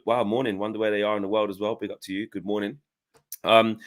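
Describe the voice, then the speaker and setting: A man hosting a casual panel show, reading out viewer messages in a relaxed, chatty, slangy way. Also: lowish voice, fast. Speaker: host.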